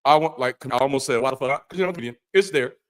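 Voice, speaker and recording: A middle-aged man hosting an irreverent Bible commentary as an ex-pastor, talking in a profane, animated way that swings from mock-preacher solemnity to incredulous outbursts. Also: mid-range voice, fairly quick. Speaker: ex-pastor host.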